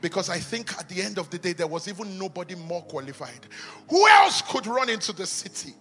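Male preacher, sharp bright high voice, impassioned sing-song sermon, reverberant hall, faint music behind. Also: very animated, a little fast. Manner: impassioned, often shouting and sing-song cadence. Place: church auditorium.

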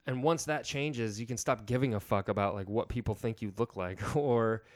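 A young man as a podcast guest, telling stories in a laid-back way with many halting restarts. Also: on the low side, no room sound, clean studio sound. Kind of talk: casual podcast chat.

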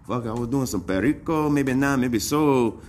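A man's voice: mid-range voice, moderate pace, a little mellow, a little hiss or hum, lightly acted. A man putting on a stoned crude ex-drug runner. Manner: profane Chicano slang talk; slurred, rambling, laid-back. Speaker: comedy guest character.

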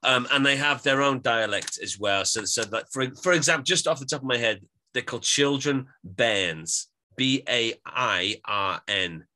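A man's voice: mid-range voice, animated, normal speed, bright, forceful tone. A man, co-hosting a music podcast in casual chat, explaining things with lots of restarts. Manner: chatty, explanatory, with many restarts. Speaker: podcast co-host.

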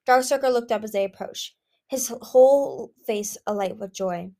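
A woman reading a fantasy novel aloud, narrating between the characters' lines and pausing now and then to fix small slips. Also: fairly high pitch, creaky, darkish tone. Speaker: audiobook reader.

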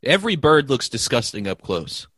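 A man's voice: mid-range voice, very animated, normal speed, a bit bright, breathy edge, no echo, clean studio sound. A man chatting casually and riffing jokes with friends, swearing freely. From Boston. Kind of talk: casual comedic chat.

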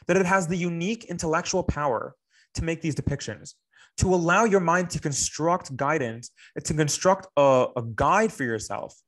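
A young man giving a spoken Torah class in an earnest, reflective way, repeating phrases for emphasis. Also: on the high side. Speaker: Torah teacher.

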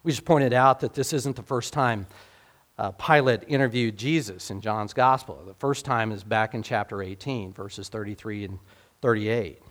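A man with a lowish, fairly bright voice preaches a casual, conversational sermon at normal speed. He speaks straight to the congregation with rhetorical questions and acts out the speakers in the passage's dialogue.

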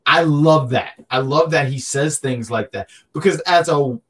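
A man's voice: fairly high pitch, a little slow, a bit bright. A man co-hosting a podcast, chatting casually and animatedly, joking and often repeating himself. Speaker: podcast co-host. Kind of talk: casual wrestling chat.

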